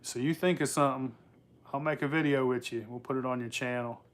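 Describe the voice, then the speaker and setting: A man's voice: mid-range voice, fairly even intonation, fairly quick. A young man hosting his moonshine-making vlog, talking loosely with lots of swearing and laughter. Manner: profane, rambling, laughs often. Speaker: moonshine channel host. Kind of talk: casual workshop vlog.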